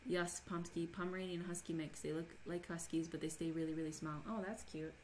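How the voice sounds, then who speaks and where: A woman from Minnesota hosts a relaxed crafting livestream, chatting with viewers and reading their messages aloud. Her voice sits a little low, and she laughs easily. A faint ambient hum runs under the home recording. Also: a little fast. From Minnesota, USA. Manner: chatty, laughs often, reads chat aloud. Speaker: livestream host. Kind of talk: casual livestream chat while crafting.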